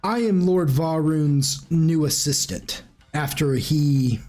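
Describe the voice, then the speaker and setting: A pale, bald half-drow assistant speaks with bemused courtesy and a snake-like flick of the tongue, as a man puts him on in a tabletop game. His voice sits fairly high. Soft music plays underneath. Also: slow pace. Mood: gracious.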